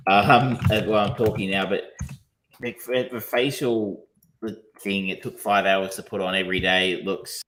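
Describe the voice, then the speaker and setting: A man's voice: on the low side, steady tone, normal speed, a bit bright, a little hiss or hum. Rambling, hesitant man chatting about films. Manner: rambling, hesitant, lots of um and restarts, swears casually. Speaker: podcast co-host reviewing films. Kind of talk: casual chat.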